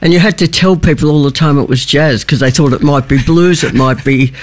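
Detail-minded jazz musician. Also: male voice, on the high side, fairly quick. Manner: informative, adds dates and details. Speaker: jazz band member. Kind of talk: interview conversation.

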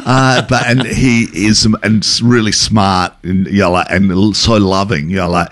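Man, deep voice, halting restarts, radio chat. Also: steady tone, fairly bright tone. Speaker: radio co-host guest.

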